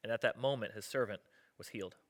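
A man's voice: fairly low pitch, fast talker, fairly bright tone. A man, a pastor, preaching a sermon in a conversational, joking way, acting out the voices of people in the story.

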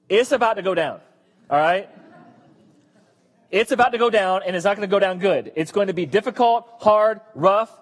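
A man's voice: sits high, breathy edge, long reverb tail. A man preaching a sermon in a conversational, joking way. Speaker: pastor.

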